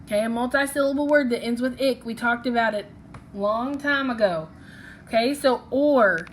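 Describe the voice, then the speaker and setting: A woman's voice: on the high side, normal speed, slight background noise. A woman teaching a phonics lesson, patiently sounding out syllables and letters one by one.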